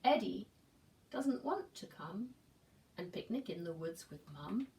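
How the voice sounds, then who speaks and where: Slow, gentle woman teacher at story time. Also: mid-range voice, very animated, distant mic, slight background noise. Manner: gentle, slow, questioning children. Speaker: preschool teacher. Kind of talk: reading a picture book to young children.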